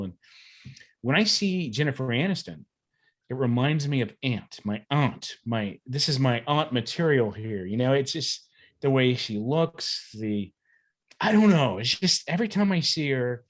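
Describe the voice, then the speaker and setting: A man's voice: mid-range voice, expressive, moderate pace. Chatty, laughing male podcast host. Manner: chatty, rambling, laughs easily. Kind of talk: casual chat.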